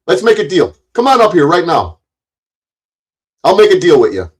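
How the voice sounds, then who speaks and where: A man's voice: on the high side, wildly swooping pitch, normal speed, long pauses, husky, low-quality recording. Profane, ranting middle-aged man. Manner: confrontational, taunting, swears heavily, stammers on restarts. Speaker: YouTube commentator. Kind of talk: angry profane rant to the camera.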